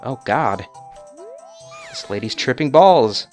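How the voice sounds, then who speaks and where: Guy doing a let's play, jokey and sarcastic, gets loud at the game, music low in back. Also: measured pace. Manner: sarcastic, joking, loud bursts of mock outrage. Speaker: video game let's player. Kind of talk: casual gameplay commentary.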